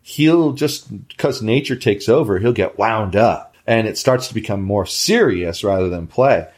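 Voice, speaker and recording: A middle-aged man hosting a podcast, chatting casually in an easygoing, measured way. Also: on the low side, expressive. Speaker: podcast host.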